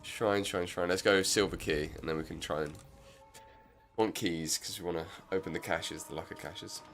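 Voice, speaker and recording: A man's voice: low voice, fairly even intonation, moderate pace, a bit bright, soft background music. A man streaming a game, chatting casually and rambling with lots of filler words. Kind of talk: casual gameplay commentary.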